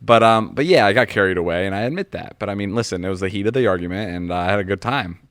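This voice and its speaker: A man in his thirties hosting a podcast, telling animated stories in casual chat and swearing freely. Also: fairly low pitch, rapid-fire, no echo, studio quality. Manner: animated storytelling, swears a lot. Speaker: podcast host.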